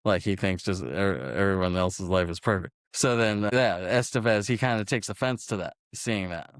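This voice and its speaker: Smooth-voiced man in casual podcast chat. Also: sits low, moderate pace, no echo, studio quality. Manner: loose, profane retelling of film scenes. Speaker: podcast co-host.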